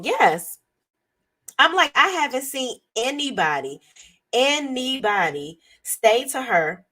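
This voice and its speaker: A hoarse woman giving a blunt, sassy, profane commentary as a reality TV reviewer. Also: on the high side, sing-song, slow pace, a bit bright. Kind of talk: casual commentary.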